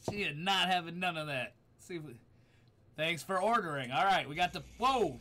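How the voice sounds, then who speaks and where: A man's voice: a little high, lively intonation, measured pace, music in the background. A man streaming a horror game live, swearing a lot, jumpy and teary from fright, yelping and laughing at each scare. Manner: profane, jumpy, shrieks and laughs when scared. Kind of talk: live gameplay commentary.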